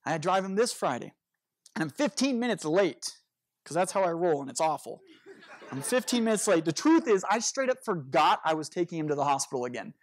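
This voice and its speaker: A man preaching as a pastor in an earnest, conversational storytelling sermon, speaking to a congregation from a church stage. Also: fairly high pitch. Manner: earnest, animated storytelling with rushed bursts.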